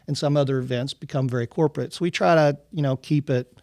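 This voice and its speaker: A man from Kentucky, a company executive, telling relaxed anecdotes in a podcast interview, with lots of "you know". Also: medium pitch, fast talker, no room sound, studio quality. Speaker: racetrack company executive, guest. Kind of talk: casual storytelling in a podcast interview.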